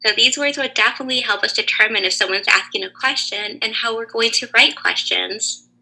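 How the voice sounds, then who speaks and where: A woman teaching a lesson to young children over a video call, asking slow, clear, encouraging questions. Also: on the high side, bright, forceful tone, rough recording.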